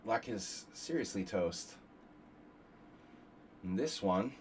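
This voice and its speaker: Male chess streamer, unhurried delivery, muses over variations, faint hum behind. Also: on the low side, animated, a little mellow. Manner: thinks aloud, calculating move lines, rambling asides. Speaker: chess streamer hosting a simul. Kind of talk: live-stream commentary while playing.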